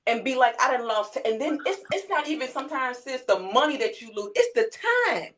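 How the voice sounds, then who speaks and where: A woman, hosting a casual live-stream chat and telling stories with lively quoted voices. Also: fairly high pitch, a little fast, crowd noise. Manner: animated storytelling, quoting others in character. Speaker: host.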